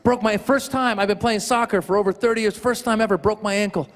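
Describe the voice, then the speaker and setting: High-pitched male stand-up, self-mocking, echoey room with an audience. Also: fast. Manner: animated, self-mocking storytelling. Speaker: stand-up comedian. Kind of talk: stand-up set. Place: comedy stage. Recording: echoey venue with loud audience.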